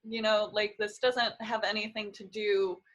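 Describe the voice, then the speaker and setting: A woman's voice: medium pitch, a little slow, dull audio. Woman, interview host, casual, lots of "kind of" and "like". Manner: relaxed, hedging with "kind of" and "like". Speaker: podcast host.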